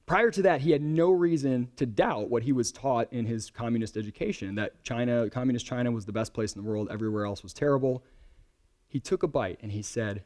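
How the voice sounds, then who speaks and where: Animated man giving a conference talk. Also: mid-range voice, brisk. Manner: conversational, animated, keeps asking "right?". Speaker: conference speaker. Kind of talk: conference talk to a live audience. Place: conference presentation before a young audience.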